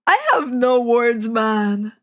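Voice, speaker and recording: A woman's voice: a little high, slow pace. A woman streamer reacting to a video, laughing often and exclaiming in disbelief. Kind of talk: casual reaction commentary.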